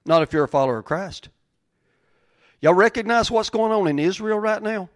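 A man preaching a sermon in a plain-spoken, folksy way, repeating phrases for emphasis and swinging between loud and soft. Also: sits high, lively intonation, moderate pace, no room sound. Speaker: pastor.

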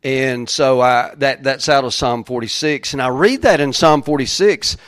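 A middle-aged pastor preaching a sermon, halting with many fillers and then building to fervent emphasis. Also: male voice, mid-range voice, fairly bright tone, no room sound, studio quality.

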